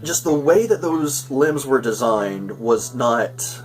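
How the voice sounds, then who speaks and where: A man's voice: medium pitch, lively intonation, slow pace. A man hosting a casual episode review, talking in a rambling, chatty way and often restarting his sentences. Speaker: show host reviewing an episode. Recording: voice a bit far from the mic, faint music.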